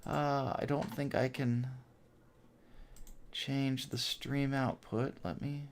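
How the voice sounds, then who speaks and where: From his home, a middle-aged man hosts a casual livestream for a theme park channel, rambling chattily, laughing often, and muttering to himself while he builds. His mid-range voice has a flat delivery and a slow pace.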